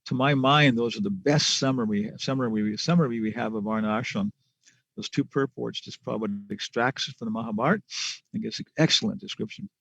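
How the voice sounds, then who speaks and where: A man's voice: mid-range voice, brisk, vocal fry, fairly bright tone, no room sound, lo-fi sound. A man giving a scripture class lecture, telling stories in a chatty way with restarts and chuckles. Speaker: spiritual teacher.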